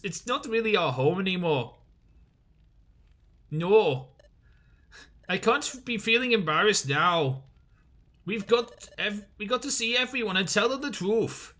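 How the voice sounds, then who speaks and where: A man hosting a let's play, reading game dialogue aloud in a halting way with restarts. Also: high voice, animated, sharp tone. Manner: halting, with restarts and laughs at himself.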